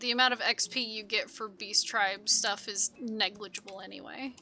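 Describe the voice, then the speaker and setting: A woman's voice: mid-range voice, fairly even intonation, normal speed, bright, forceful tone, faint music behind. A woman streaming a game, talking casually, swearing and laughing at herself when things go wrong.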